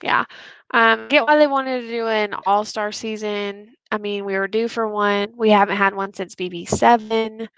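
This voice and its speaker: Bright giggly Texan woman. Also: medium pitch, steady tone, moderate pace, clean tone, no echo, low-quality recording. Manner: giggly, rambling, drinking wine on air. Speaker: co-host. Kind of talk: casual live-stream chat.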